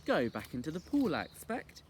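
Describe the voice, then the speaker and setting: A man's voice: wildly swooping pitch, normal speed, a little hiss or hum. An earnest, sensible young girl , as a man reads her aloud speaks in a raised, eager voice. Her tone swoops up and down as she urges. The storybook reading carries faint outdoor birdsong behind it. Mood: urging. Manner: high, eager, urging voice. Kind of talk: audiobook reading.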